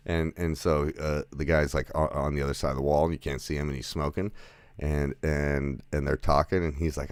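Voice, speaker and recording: A man's voice: very deep voice, level tone, brisk, clear, resonant tone, no room sound. A man giving a casual movie review, rambling with lots of fillers, restarts and chuckling asides. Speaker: film reviewer.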